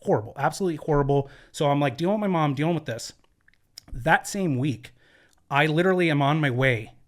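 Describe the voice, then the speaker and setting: Fast-talking man, earnest podcast guest. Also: on the high side. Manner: earnest, speaks in quick bursts with many fillers and restarts. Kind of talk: candid conversational storytelling. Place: podcast studio.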